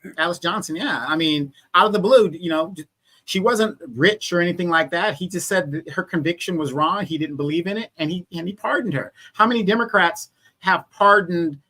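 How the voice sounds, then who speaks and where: Plain-spoken guest voice, bright, middle pitch, casual livestream talk. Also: brisk. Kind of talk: live political talk stream.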